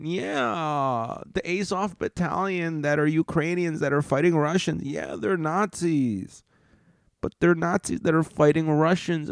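A man's voice: a little high, vocal fry, no echo, studio quality, voice pushed up, exaggerated voice. A man putting on a sarcastic, condescending impression of a female government spokesperson.

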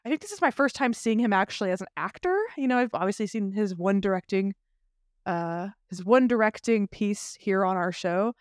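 Smooth-voiced man gushing about films. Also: sits high, brisk, dry recording, studio quality. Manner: animated, swears freely, many restarts. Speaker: podcast co-host. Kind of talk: casual film chat.

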